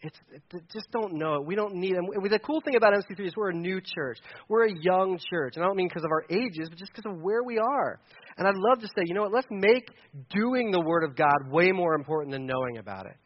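A man's voice: high voice, lively intonation, fairly quick, highs cut off. A man in his thirties preaching a sermon as pastor, passionate and conversational, slipping into mocking voices to make his point.

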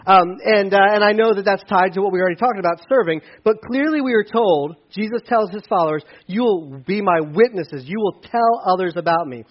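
A man preaching a casual sermon as pastor, conversational with self-deprecating asides and lively storytelling. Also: high-pitched, fairly quick, hardly any pauses, muffled recording. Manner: conversational, self-deprecating asides, animated when telling stories.

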